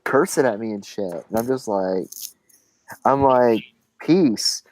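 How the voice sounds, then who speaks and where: A man's voice: mid-range voice, lively intonation, slow pace, a little mellow, slight background noise, low-quality recording. Young man, casual profane podcast chat, rambling storytelling, filler-heavy "like" and "man". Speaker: podcast co-host telling a story.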